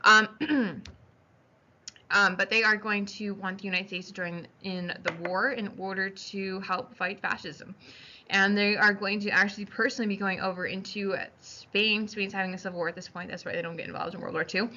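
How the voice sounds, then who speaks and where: A woman giving a casual history lecture, chatty and animated, slipping into quick voices for historical figures. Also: medium pitch, lo-fi sound. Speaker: history teacher.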